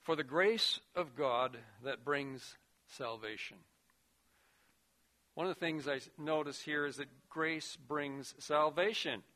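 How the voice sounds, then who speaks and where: Bright slow-preaching man. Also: a little high. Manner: earnest preaching, swings between loud emphasis and hushed quiet. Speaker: pastor. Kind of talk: sermon.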